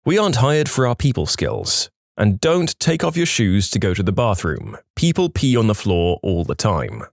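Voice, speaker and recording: A man narrating posts from an online forum, reading them in a lively, expressive way with a touch of playful sarcasm. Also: on the low side, normal speed, gravelly, dry recording, clean studio sound. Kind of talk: storytelling narration.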